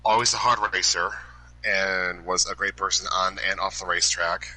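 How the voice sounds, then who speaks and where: A man giving an emotional hall of fame induction speech, halting and restarting as he loses his train of thought. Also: deep voice, flat delivery. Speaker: inductee presenter. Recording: loud background noise.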